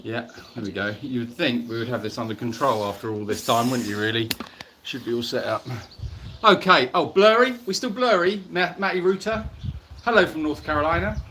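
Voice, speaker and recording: A man's voice: medium pitch, lively intonation, fairly quick, bright, forceful tone, slight background noise. A man co-hosting a casual live Q&A stream outdoors at an animal sanctuary, jokey and teasing as he reads out viewer comments.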